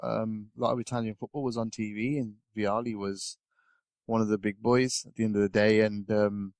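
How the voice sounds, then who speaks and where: A man's voice: on the low side, level tone, moderate pace, darkish tone, no echo. A man chatting casually as a podcast pundit, rambling with lots of fillers and restarts. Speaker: guest pundit.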